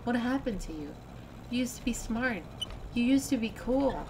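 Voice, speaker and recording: A woman's voice: fairly high pitch, animated, moderate pace, noisy background, voice pushed up, close to an everyday voice. A woman voicing a bitter young female crocodile who answers coldly and scornfully, read from a story game. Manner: cold, scornful, biting.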